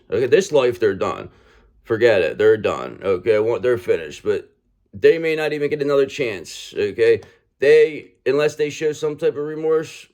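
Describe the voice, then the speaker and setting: A man in a casual tarot reading, talking in a mid-range voice with blunt, emphatic delivery. He swears freely and keeps checking in with "okay?" after nearly every point. His manner is rough and conversational, like a straight-talking reader speaking to his viewers. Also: mid-range voice, a little mellow.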